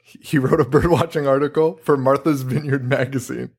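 A man's voice: medium pitch, normal speed, breathy edge. A man hosting a podcast in casual chat, joking and laughing as he talks. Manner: laughing, animated, trails off. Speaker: podcast host.

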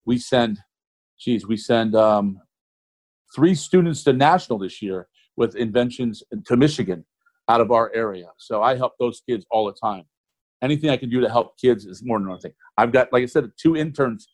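A man's voice: medium pitch, normal speed, a little mellow. Guy in his 40s chatting as a guest, rambly and folksy, plain mid voice. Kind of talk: casual interview talk.

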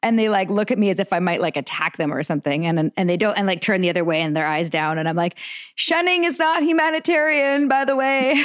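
A woman co-hosting a podcast, talking quickly and emphatically in casual chat and slowing down for the lines she quotes. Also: fairly low pitch, dry recording, clean studio sound. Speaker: podcast co-host.

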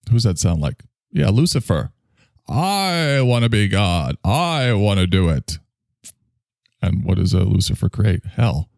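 Brief: deep, dark-toned male podcast host, self-mocking and rambling, reads chat. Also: gravelly, dry recording, clean studio sound. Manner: reads out listener chat messages. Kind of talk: casual live-stream podcast monologue.

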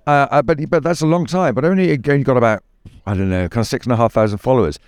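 With a clear, resonant, darkish mid-range voice, this UK man talks quickly as an interview guest in a conversational exchange. He comes across as thoughtful yet hesitant, often restarting and using fillers, and the close, dry recording has no room sound.

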